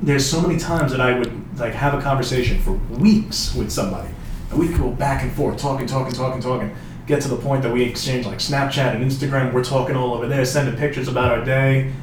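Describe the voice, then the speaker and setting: A man's voice: mid-range voice, fairly even intonation, fast. A man around thirty telling a long dating story in loose, profane, casual chat. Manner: loose and profane, full of fillers, acts out quoted people. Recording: echoey room, mic far off, background noise.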